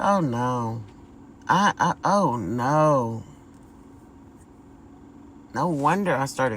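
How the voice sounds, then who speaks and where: A woman's voice: very deep voice, fairly bright tone, slight background noise, poor audio. A woman giving a casual spiritual vlog monologue, talking emphatically, repeating words and calling her viewers y'all. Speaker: spiritual vlogger.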